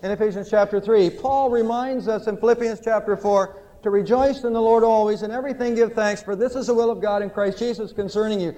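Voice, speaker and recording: A man's voice: high voice, fairly even intonation, brisk, hardly any pauses, mellow, big-room sound, poor audio. A man preaching a sermon to his church, emphatic and storytelling as he teaches. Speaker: pastor. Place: church sanctuary.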